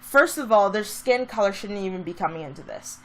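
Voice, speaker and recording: A woman's voice: mid-range voice, animated, a little fast, fairly bright tone. A woman vlogger telling a story in a casual, chatty way that turns into a heated rant.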